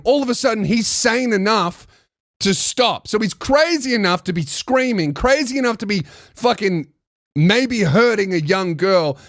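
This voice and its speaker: A man's voice: high voice, fairly bright tone, no room sound, clean studio sound. A man who hosts a podcast, telling a comedic story in a heated, profane way with frequent restarts. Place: podcast studio.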